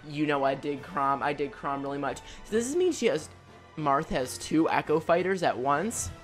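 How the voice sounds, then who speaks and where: A woman reacting to a game trailer as a YouTuber, gushing and excitable, with loud exclamations and jokey asides. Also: low voice, normal speed, over music.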